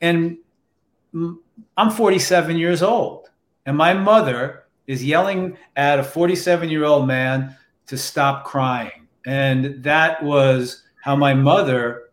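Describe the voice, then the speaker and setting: A man telling a personal story in a slow, reflective, emotional way, with restarts, in casual conversation. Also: a little high. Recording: roomy echo.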